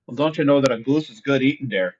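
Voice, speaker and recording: A man's voice: mid-range voice, quick pace, background noise, pitched above the performer's own voice, natural voice. A man voicing a folksy rural Midwestern goose hunter with an exaggerated Minnesota accent and a drawling, jokey manner. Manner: drawling, jokey, sing-song. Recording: dull lo-fi remote mic.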